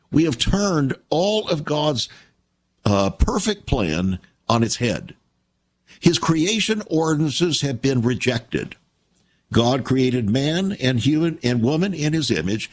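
A man preaching an emphatic broadcast sermon, addressing listeners as friends. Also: a little high. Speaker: radio preacher.

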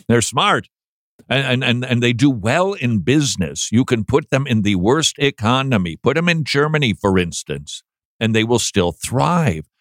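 A man hosting a casual talk show, playful and teasing, with animated asides. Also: lowish voice, dry recording, studio quality. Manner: playful, mocks flat reading with droning voice. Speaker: podcast host. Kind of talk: casual chat.

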